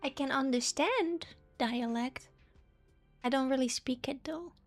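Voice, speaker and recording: Chatty woman with a higher voice. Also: unhurried, faint music behind. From Netherlands. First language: Dutch. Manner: chatty, self-deprecating, laughs often. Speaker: streamer. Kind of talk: casual live-stream chat.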